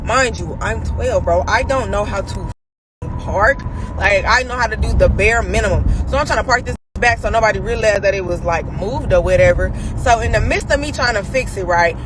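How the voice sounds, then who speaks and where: A young woman telling a personal story in casual, animated, slang-heavy talk. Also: mid-range voice, normal speed, background noise.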